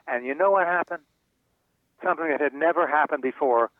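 A man's voice: on the high side, fairly quick, no echo. An older man from North Carolina, an author guest telling heartfelt personal stories in a radio interview, often repeating words when moved. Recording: tinny phone line.

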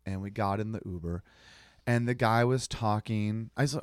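In a casual podcast chat, a male co-host animatedly tells a story and voices the dialogue himself. His lowish, smooth voice moves at a moderate pace, captured cleanly in the studio without room sound.

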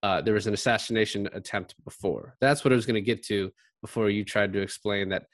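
Quick-paced and fairly low in pitch, a podcast co-host talks about a film in casual chat, captured in a dry, clean studio recording. He rambles through it, acting out the characters' lines in an animated retelling.

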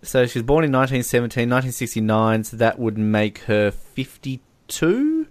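A man co-hosting a casual movie commentary chat, animated and often laughing. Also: medium pitch, normal speed. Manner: giggly, animated, keeps breaking into laughter. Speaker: podcast co-host.

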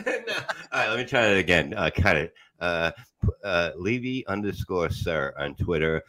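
Deep, bright-edged male comic guest. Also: sing-song, moderate pace. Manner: punchy, profane, jokey asides. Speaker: guest comedian. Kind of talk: casual comedic banter.

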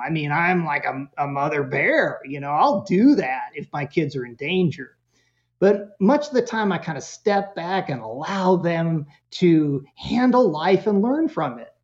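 Guy spinning a parenting story, acts out all the voices, lots of ums, audio a bit muffled. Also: fairly high pitch. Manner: animated storyteller, acts out quotes, many fillers. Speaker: guest parenting expert. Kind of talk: storytelling in a podcast interview.

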